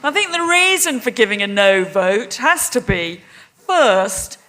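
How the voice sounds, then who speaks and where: A woman's voice: fairly high pitch, sing-song, unhurried, pushed and bright. A middle-aged woman making a persuasive debate speech in a wry, conversational way. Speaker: debate speaker.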